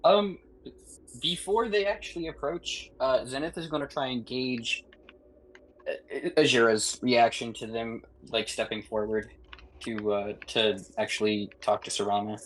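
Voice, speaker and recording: A young man playing a tabletop game, talking flatly and hesitantly with many fillers. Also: medium pitch, a little slow, a little hiss or hum, poor audio. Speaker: player.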